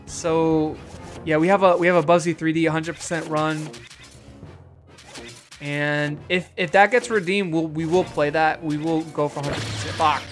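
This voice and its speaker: A man streaming a video game, chatting casually, rambling and swearing at the game, with chuckles. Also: fairly high pitch. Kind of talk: casual live-stream chat.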